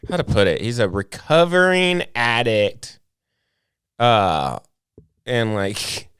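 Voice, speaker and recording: A man's voice: mid-range voice, big pitch swings, takes it slowly, fairly bright tone, clean tone, dry recording, studio quality. A man hosting a casual chat as a comedian, rambling and laid-back, with lots of fillers and swearing. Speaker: comedian podcast host.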